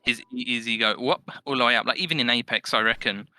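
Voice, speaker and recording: Bright-voiced man chatting casually. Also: mid-range voice, fast talker, no echo. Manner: rambling, filler-heavy, animated impressions of others. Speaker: podcast guest. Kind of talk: casual gaming podcast chat.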